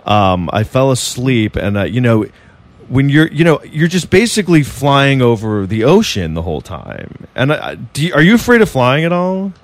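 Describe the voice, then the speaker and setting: A man's voice: medium pitch, very animated, moderate pace. A man telling a long story in casual podcast chat, rambling and full of fillers and swearing.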